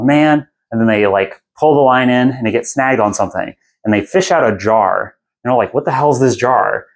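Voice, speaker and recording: A young man hosting a podcast, casually retelling a fantasy book in a loose, irreverent, rambling way. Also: mid-range voice. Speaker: podcast host.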